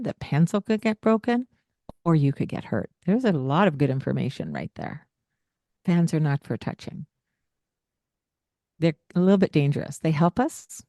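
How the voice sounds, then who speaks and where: A woman hosting a parenting podcast, explaining calmly and laughing often. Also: low voice, creaky, no echo, clean studio sound. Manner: calm, explanatory, laughs often, acts out kids' voices. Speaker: podcast host, parenting coach. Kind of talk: casual podcast advice.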